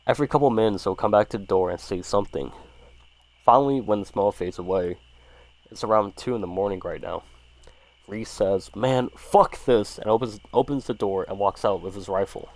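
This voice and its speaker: A man's voice: lowish voice, brisk, a little mellow. A man casually reading a horror story aloud, swearing freely and stumbling over words now and then. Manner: casual, profanity-laced, stumbles and restarts.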